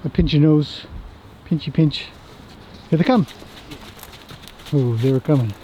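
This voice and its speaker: A man's voice: fairly high pitch, unhurried, mellow, dull audio, slight background noise. A man, a horse trainer, chatting casually as he works his horses outdoors and talks fondly to them. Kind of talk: casual commentary while working horses.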